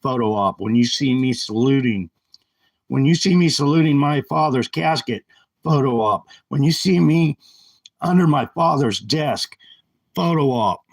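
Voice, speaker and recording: A live streamer holding his phone rants angrily, agitated and repeating himself over and over. His mid-range voice is gravelly, with lively intonation and a slightly slow delivery, and the poor audio has no room sound.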